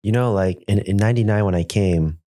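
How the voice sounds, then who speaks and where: A man's voice: lowish voice, warm tone. A man hosting a podcast, asking questions and chiming in with enthusiastic agreement. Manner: enthusiastic, quick affirmations and questions. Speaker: podcast host. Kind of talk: casual interview chat.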